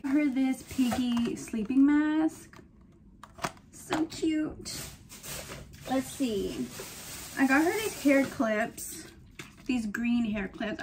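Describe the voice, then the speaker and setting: A woman's voice: on the high side, a little mellow, a little hiss or hum. A young woman in her twenties chatting casually through a haul vlog, gushing and speaking to her viewers directly. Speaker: vlogger.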